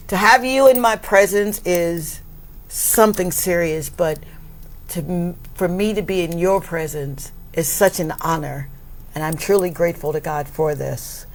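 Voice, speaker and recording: Woman talk show host; slow, effusive delivery, frequent laughter, big emotional thank-yous. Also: lowish voice. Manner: emotional, laughs often, animated shout-outs. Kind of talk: warm effusive interview talk.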